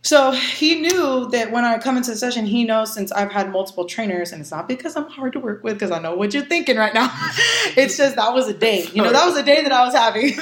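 Young woman telling animated stories. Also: a little high. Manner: animated, acts out dialogue, swears freely, laughs often. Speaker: podcast guest. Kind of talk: casual podcast storytelling. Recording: echoey room.

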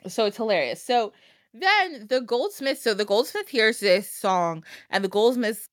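A woman's voice: a little high, normal speed, no echo, clean studio sound. A woman hosting a podcast, casually retelling a fairytale with frequent laughs and acted-out quotes. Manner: animated, laughing, acts out quoted lines. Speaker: podcast host.

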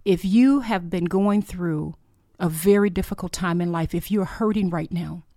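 A woman's voice: lowish voice, moderate pace, dark tone, no echo, studio quality. A middle-aged woman hosting a faith podcast, telling her personal testimony in an earnest, emotional way. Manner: emotional, earnest, heartfelt storytelling. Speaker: podcast host.

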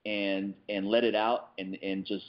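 A man hosting a casual podcast, telling lively stories and laughing often as he talks. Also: lowish voice, unhurried, lo-fi sound. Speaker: podcast host.

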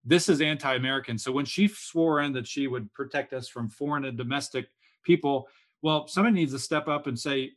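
A man's voice: medium pitch, brisk, a bit bright. Indignant man ranting on a talk show. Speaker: podcast co-host. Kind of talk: political talk show chat.

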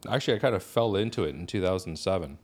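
A man in his thirties with a Newfoundland accent, a podcast guest telling a joke and chatting in a relaxed, storytelling way. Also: low-pitched, racing. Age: 30s. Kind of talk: casual chat.

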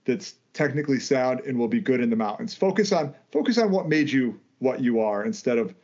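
Male podcast co-host, ranting and profane, halting delivery, dull lo-fi audio. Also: medium pitch, sing-song, a little mellow. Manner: ranting, swears freely, stumbles and restarts. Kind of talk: casual podcast chat.

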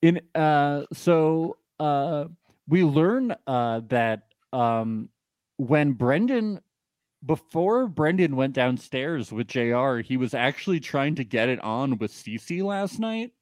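A young man talking his way through a reality-show recap, sarcastic and joking, stopping often on "uh" and "um". His pitch swings widely as he talks, and the sound is close and dry with no room echo. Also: animated, slow pace, darkish tone. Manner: joking, sarcastic, many fillers. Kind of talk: casual chat.

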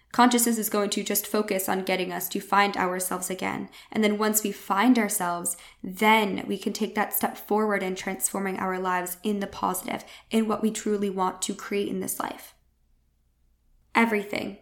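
A young adult woman hosting a spiritual wellness podcast, talking in an earnest, reassuring, conversational way. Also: mid-range voice. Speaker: podcast host.

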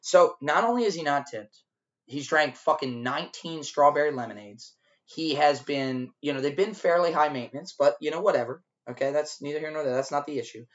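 A man on a podcast telling a rowdy restaurant story, animated and profane, acting out the shouting. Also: a little high, brisk, lo-fi sound. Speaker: podcast co-host. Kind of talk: casual storytelling over drinks.

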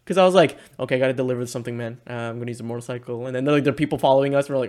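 A man's voice: mid-range voice, rapid-fire, a little mellow. A young man co-hosting a podcast, telling stories in casual chat and laughing often. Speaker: podcast co-host.

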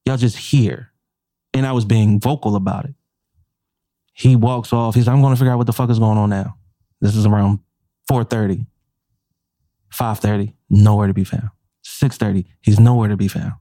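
A man's voice: on the low side, normal speed, pauses often, dry recording, studio quality. A man, a chef and podcast co-host, telling a profane workplace story in casual talk and acting out the quotes. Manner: animated, profane, acts out quotes.

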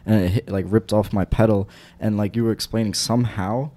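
A man's voice: on the low side, steady tone, fairly quick, mellow. A man in casual chat, telling stories loosely with many fillers. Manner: loose, filler-heavy storytelling. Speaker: cyclist in conversation.

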